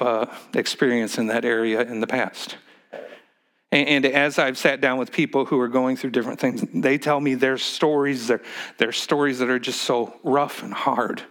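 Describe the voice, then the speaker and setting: Halting man preaching a sermon. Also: medium pitch, a bit bright. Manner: halting, repeats words, calls for congregation response. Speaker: pastor.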